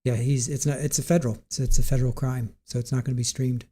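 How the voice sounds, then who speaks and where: Guy hosting a livestream, mellow voice, rambles and restarts a lot, reads chat out loud. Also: mid-range voice, flat delivery, quick pace, husky. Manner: rambling, thinking aloud with many restarts. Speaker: live-stream host of trial commentary. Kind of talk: casual live-stream chat, reading viewer comments.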